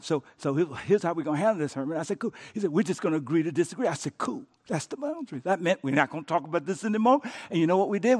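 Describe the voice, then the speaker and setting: A middle-aged man preaching a sermon as pastor, telling a story and swinging from soft, hushed moments to passionate pleas. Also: sits high, husky.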